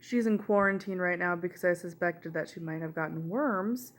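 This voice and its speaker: A woman's voice: lowish voice, moderate pace. Chatty young woman vlogging at home. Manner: chatty, rambling, laughs often. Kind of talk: casual chat. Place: home kitchen.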